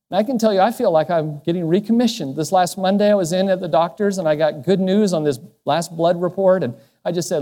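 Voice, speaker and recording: A man preaching a sermon as a pastor, speaking in a personal, earnest way, with soft, lowered passages. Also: brisk. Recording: long hall reverb.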